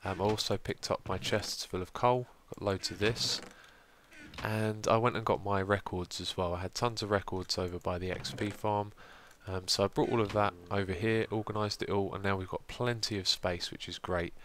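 A young man in groggy morning voice, calmly narrating his building work in a casual gameplay commentary with frequent ums. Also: lowish voice, normal speed, slight background noise. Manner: steady, explanatory, frequent ums. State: groggy morning voice, deeper than usual. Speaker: let's play host.

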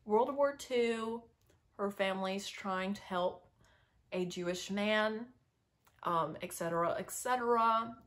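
Young woman, unhurried pace, casual vlog chat, gushing, filler-heavy. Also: medium pitch. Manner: gushing, many ums and laughs. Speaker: book vlogger.

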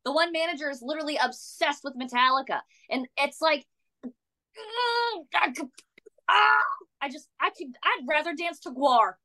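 A woman podcast guest chatting casually, excitable and blunt, swearing freely. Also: sits high, normal speed. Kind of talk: casual chat.

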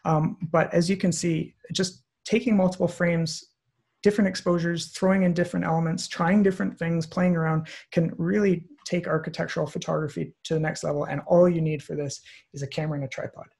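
A man walking through a photo compositing tutorial on screen, relaxed and thinking aloud with many fillers. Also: fairly high pitch, fairly quick, vocal fry, slightly rough. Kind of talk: screen-share software tutorial. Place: online presentation, recorded at his computer.

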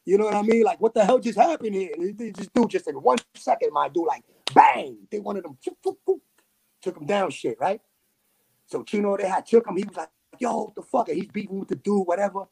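A man from New City, telling a story as a podcast guest in animated street slang with sound effects. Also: high-pitched, fairly quick, gravelly, slightly rough. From New York City. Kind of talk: casual storytelling.

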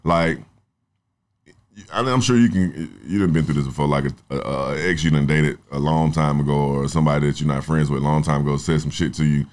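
A young adult songwriter in casual podcast talk, rambling through stories with plenty of profanity. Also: male voice, rumbling low, steady tone, a little fast, a little mellow. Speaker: songwriter guest.

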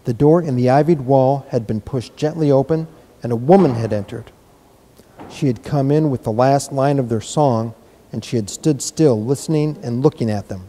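A mellow-voiced man reading a story aloud. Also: medium pitch, moderate pace. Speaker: reader. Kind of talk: reading a children's novel aloud.

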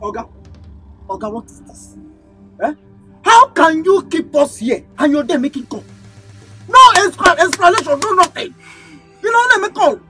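Brief: very high, shouting Nigerian passenger, loud music under. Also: female voice, expressive, moderate pace, long pauses. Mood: complaining. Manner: loud, shouting, broken English. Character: angry, loud passenger in a keke.

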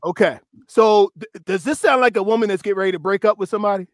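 A man hosting a casual talk show with a notably high-pitched voice. He is lively and laughs often, and stretches quoted phrases slowly for effect. The sound is close and dry. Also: dry recording. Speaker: host. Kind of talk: casual discussion chat.

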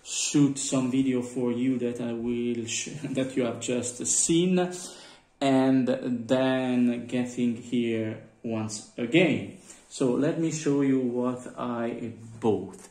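A man, chatting casually in a collector vlog, halting with many fillers and calling his viewers guys. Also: mid-range voice, mellow. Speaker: vlogger. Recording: roomy with faint background noise.

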